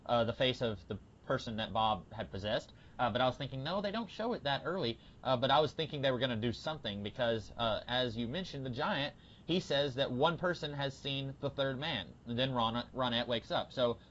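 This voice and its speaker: A man co-hosting a podcast, chatting casually about a TV episode with lots of fillers and bursts of excitement. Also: mid-range voice, fairly quick, lo-fi sound, slight background noise. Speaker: podcast co-host. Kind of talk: casual TV discussion.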